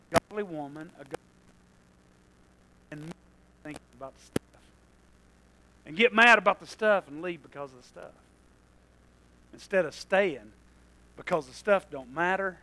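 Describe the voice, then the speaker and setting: A man preaching a sermon, moving between quiet asides and loud passages and laughing at his own jokes. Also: sits high, poor audio. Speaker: pastor.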